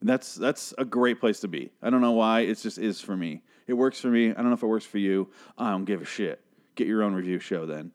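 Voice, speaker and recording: Young male reviewer with a lowish voice, casual and sweary, sarcastic, rambles. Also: a little fast, a little mellow. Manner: profane, rambling, sarcastic, acts out characters' lines. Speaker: TV episode review host. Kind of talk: casual recap and review monologue.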